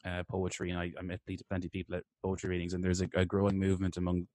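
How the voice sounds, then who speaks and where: An Irish man in his twenties co-hosting a podcast, chatting in an animated way and often repeating words as he starts a sentence. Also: deep voice, very fast, dry recording, clean studio sound. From Ireland. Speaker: podcast co-host. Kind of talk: casual podcast chat.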